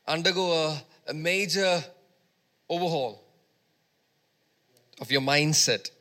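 A preaching pastor leads his congregation in call-and-response, prompting them to echo his words during the service. He speaks slowly in a slightly high, bright, forceful voice.

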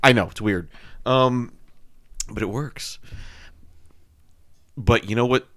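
A man hosting a podcast, chatting in a lively, joking, animated way. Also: medium pitch, slow. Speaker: podcast host. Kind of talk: casual chat.

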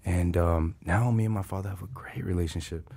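Very low-voiced man telling his story. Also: steady tone, fairly quick, gravelly, mellow, no echo, studio quality. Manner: street slang, emotional and earnest, often addresses listener as bro. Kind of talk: casual conversational storytelling.

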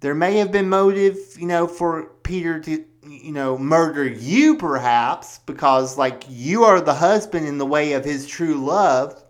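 A man playing a blunt police detective who calmly and matter-of-factly explains his reasoning. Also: a little high, measured pace, close to an everyday voice. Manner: matter-of-fact, patiently explaining. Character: blunt, level-headed male police detective.

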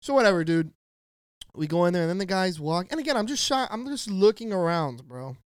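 Speaking a little fast in a high, clear, resonant voice, a podcast co-host tells an animated story in casual chat. He swears freely, uses lots of slang, and acts out the voices of people he quotes. The clean studio sound has no room ambience.

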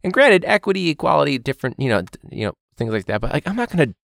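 A young man who is a teacher, hosting a podcast in a casual, animated monologue with quick impressions of students. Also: vocal fry, dry recording, clean studio sound. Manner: animated, mimics students in high voices.

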